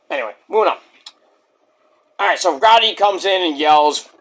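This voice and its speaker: Jokey, high-voiced man reviewing wrestling. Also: lively intonation, moderate pace, long pauses, a bit bright. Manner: rambling, jokey, self-interrupting. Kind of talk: casual review vlog.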